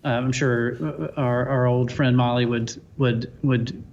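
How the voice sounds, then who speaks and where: A man co-hosting a casual chat, joking and upbeat, with quick asides. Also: medium pitch, flat delivery, darkish tone, muffled recording, slight background noise. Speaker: podcast co-host.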